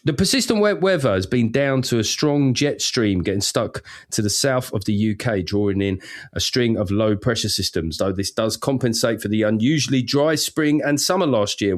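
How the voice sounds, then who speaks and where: A man's voice: fairly low pitch, expressive, normal speed. A man hosting a podcast in casual comedic chat, dry and rambling, often restarting his sentences. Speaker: podcast host.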